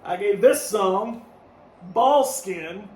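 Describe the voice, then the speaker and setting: High-voiced man reading review notes. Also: lively intonation, very slow, a little mellow. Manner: reads review notes with frequent laughs and fillers. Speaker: podcast co-host reviewing albums. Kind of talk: casual review chat, partly read from notes. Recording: echoey room, distant mic, faint noise.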